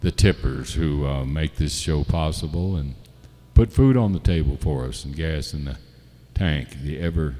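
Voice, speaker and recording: A man hosting a live-stream music show from home, chatting casually and joking, with frequent pauses and fillers. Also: very deep voice, warm tone, long reverb tail. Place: home setup, not a studio.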